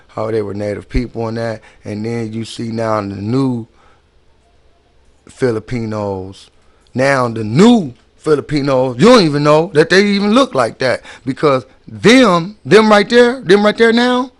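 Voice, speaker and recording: Emphatic man ranting in slangy talk. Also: fairly high pitch. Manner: emphatic, repeats and restarts words, slangy. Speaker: vlogger commenting on videos. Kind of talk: casual ranting commentary.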